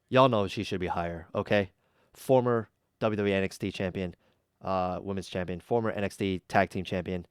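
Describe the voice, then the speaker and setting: A man's voice: deep voice, steady tone, normal speed, pauses often, clear, resonant tone, dry recording, studio quality. A man hosting a casual reaction video, giving blunt, chatty opinions with plenty of ums and uhs. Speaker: YouTube reaction host.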